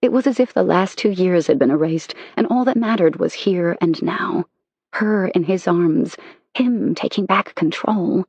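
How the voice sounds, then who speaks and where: An audiobook narrator reading a romance novel in an intimate, measured way. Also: mid-range voice, darkish tone, slightly rough, dry recording.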